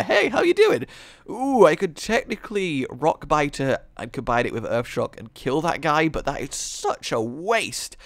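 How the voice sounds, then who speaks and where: A man giving joking, rambling commentary over a card game he's playing, with sarcastic asides. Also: medium pitch. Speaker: gaming video host. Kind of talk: let's-play commentary.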